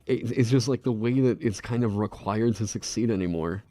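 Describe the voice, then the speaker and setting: A man's voice: lowish voice, normal speed, warm tone, no room sound, soft background music. A man chatting casually on a live stream into a desk microphone. He rambles, laughs often and swears freely. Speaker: streamer designing a game class.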